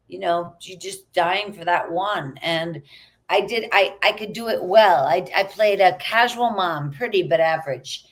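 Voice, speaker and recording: A middle-aged actress chatting as a guest in an interview, telling stories in an animated way. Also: female voice, on the low side, measured pace. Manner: chatty, animated storytelling with quoted asides. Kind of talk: casual interview chat.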